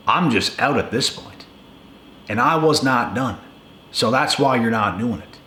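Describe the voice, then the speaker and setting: A young video creator sounds animated yet unhurried, his medium-pitched voice pushed and bright. He rants bluntly and profanely to the camera, repeating himself for emphasis, in an echoey room with faint ambience and slight background noise.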